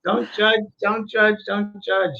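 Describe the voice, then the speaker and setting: A man's voice: high voice, flat delivery, slow, creaky, pushed and bright, dull audio. A man hosting a spiritual talk show, telling stories and giving earnest advice, often repeating his points for emphasis. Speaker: spiritual teacher and show host. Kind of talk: casual spiritual talk and storytelling.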